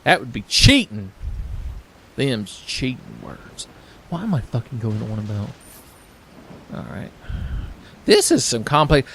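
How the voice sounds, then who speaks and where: A man's voice: medium pitch, a little hiss or hum. Male let's play host, sarcastic and foul-mouthed, rambling casual game commentary.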